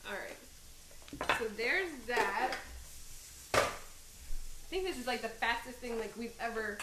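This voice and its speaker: A home cooking stream host chops onions in her kitchen, teary-eyed, rambling and chatting as she laughs at herself. She speaks slowly and expressively at a fairly high pitch. The audio is reverberant and very noisy.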